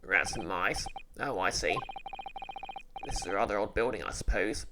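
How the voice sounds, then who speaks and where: A woman's voice: very deep voice, moderate pace, background noise, voice pushed down. A woman voicing an earnest, puzzled young male lawyer, reading the hero's lines from a mystery game.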